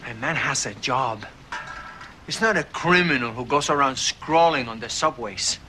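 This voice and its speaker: A man's voice: mid-range voice, normal speed, bright, forceful tone, close to an everyday voice. An actor playing a stern man lecturing about responsibility in a film, firm and preachy. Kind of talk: film dialogue. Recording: noisy old film soundtrack.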